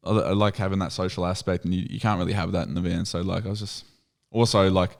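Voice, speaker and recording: A man's voice: low-pitched, steady tone, fast talker, creaky. A young Australian man, a fighter guesting on a podcast, telling stories in a laid-back way, swearing freely and laughing through them. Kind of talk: casual chat.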